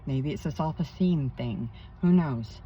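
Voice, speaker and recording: A woman's voice: deep voice, measured pace, breathy edge, lo-fi sound. A woman working as a spiritual counselor, talking in a rambling personal vlog outdoors by a pond, emphatic with indignant asides.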